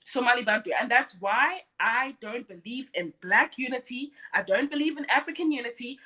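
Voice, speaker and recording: A woman's voice: sits high, bright, forceful tone, rough recording. A woman in her thirties hosting a live stream, blunt and mocking as she talks and mimics others. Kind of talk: opinionated live stream monologue.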